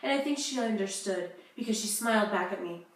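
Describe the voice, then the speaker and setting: A young woman playing a grieving mother who survived a wartime roundup, telling it in a solemn, measured way. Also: mid-range voice, lightly acted. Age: young adult. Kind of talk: school-project talk-show role-play. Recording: echoey room, distant mic.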